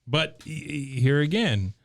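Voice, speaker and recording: A man co-hosting a casual comedy podcast, dropping deadpan quips and echoing the host's lines. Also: a little high, moderate pace. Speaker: podcast co-host.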